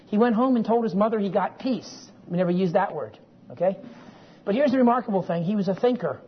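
A man's voice: high voice, lively intonation, fairly quick. Folksy man teaching a Bible class. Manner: folksy, digressive, checks in with listeners. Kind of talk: classroom lecture with personal story. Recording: dull lo-fi recording with faint hiss.

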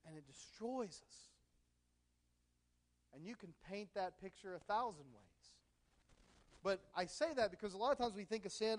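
A man with a notably high voice delivers a sermon. He talks in an easy, conversational way, and he keeps illustrating his points with everyday stories from his own home and marriage. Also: animated, normal speed, long pauses. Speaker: pastor.

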